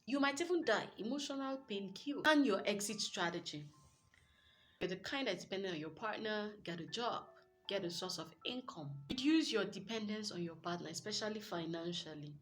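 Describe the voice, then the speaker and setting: A young adult woman with a Nigerian accent giving earnest, lively relationship advice as a coach, with Pidgin asides. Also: medium pitch, moderate pace, slight background noise. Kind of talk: motivational advice talk.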